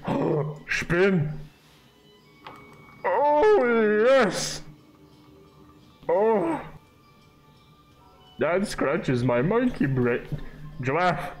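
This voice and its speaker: A man giving casual, joking gameplay commentary, swearing and reacting loudly while he plays. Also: sits high, big pitch swings, drawn-out words, long pauses. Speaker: gaming YouTuber. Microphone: scuffed mic. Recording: game music behind.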